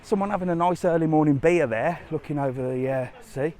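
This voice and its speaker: A man's voice: on the high side, a little fast, a little mellow. A man doing a live walking vlog, chatting cheekily and rambling as he strolls along a seaside resort promenade, filming on a handheld phone. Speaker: travel vlogger.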